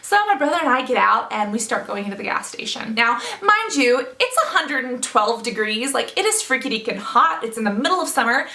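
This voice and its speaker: A young woman telling a funny family story in a storytime vlog, with lively, animated delivery. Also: on the high side, fairly quick, few pauses. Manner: animated, acts out family members' voices. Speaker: beauty vlogger. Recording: roomy echo, mic at a distance.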